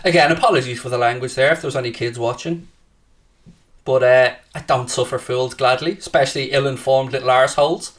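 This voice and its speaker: A man hosting a football watchalong stream, reading viewer comments aloud and taunting rival fans with brash, profane banter that flares into shouting. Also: mid-range voice, a little fast, far from the mic. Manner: excitable, shouting at times. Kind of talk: casual live-stream chat, reading and answering viewer comments.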